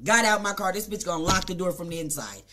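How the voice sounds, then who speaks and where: Bright-voiced streamer woman ranting at chat. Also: on the low side, fast talker, faint music behind. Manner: profane, heated, confrontational with chat. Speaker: Twitch streamer.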